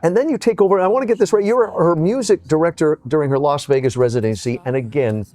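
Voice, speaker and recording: A man's voice: fairly high pitch, fast, dark tone, dry recording. A man in his fifties hosting an arts show, asking questions in an enthusiastic, rambling way and often interrupting himself.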